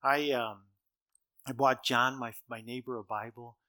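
A man's voice: mid-range voice, level tone, measured pace, sharp tone, no echo. A middle-aged man giving a talk as a speaker, telling humorous stories in a conversational way and acting out the dialogue. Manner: conversational, acts out dialogue, chuckles at own jokes.

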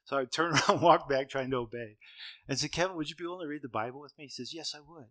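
A middle-aged man tells stories from the stage in a bright, forceful voice, easy and conversational. He slips into the lines of the people he quotes and chuckles at his own jokes. The sound is dry and close, with little room around it. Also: a little high, fast, no echo. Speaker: speaker. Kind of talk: humorous storytelling talk.

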